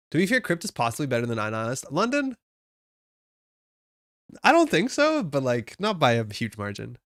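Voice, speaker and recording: A man's voice: mid-range voice, creaky, a bit bright, no echo, clean studio sound. A young man from Alberta with a Canadian accent, chatting casually and thinking aloud while he builds a card game deck on a live stream, often laughing at himself.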